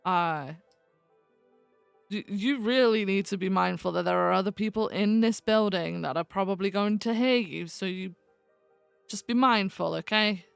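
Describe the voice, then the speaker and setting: A woman's voice: mid-range voice, normal speed, creaky, clean tone, no room sound, faint music behind. A woman in casual in-character role-play chat, teasing and laughing often, with trailing fillers. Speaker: police lieutenant role-player.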